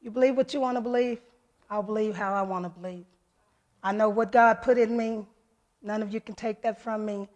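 A woman's voice: mid-range voice, steady tone, brisk, darkish tone. A woman giving an earnest, heartfelt personal testimony to her church, retelling events through many quoted voices. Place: church service.

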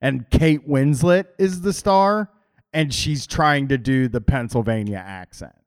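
A man's voice: medium pitch, a little slow, clean tone. A man co-hosting a podcast, hesitant in casual chat, with many fillers, then reading out a news story. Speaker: podcast co-host.

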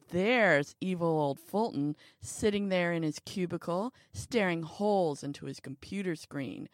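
A woman narrating a first-person story, wry and tense, dropping to hushed tones and rising for quoted lines. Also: on the low side, dry recording, studio quality. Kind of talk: first-person story reading with acted dialogue.

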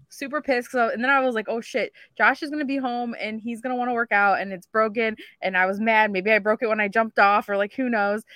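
A woman co-hosting a casual podcast, telling an animated story full of "like" and the odd swear word. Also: mid-range voice, dry recording, clean studio sound. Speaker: podcast co-host. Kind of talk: casual chat.

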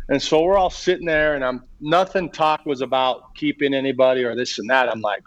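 A middle-aged man talks through his story as an interview guest, halting and full of restarts. His voice sits at an ordinary pitch, and the recording sounds a bit dull and lo-fi. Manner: halting, many fillers and restarts. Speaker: guest, baseball coach.

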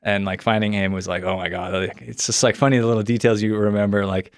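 A man's voice: on the low side, fairly even intonation, quick pace, smooth, no room sound, studio quality. A young man telling a personal story in a casual, rambling way, full of "like" fillers and acted-out quotes. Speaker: son of a missing hunter, guest.

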